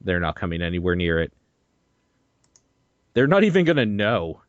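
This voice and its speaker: A young man with a lowish voice tells a story on a podcast, animated and profane, laughing as he goes. The sound is dry and a little dull, like a lo-fi home recording. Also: normal speed, dry recording. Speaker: podcast host. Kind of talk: casual chat.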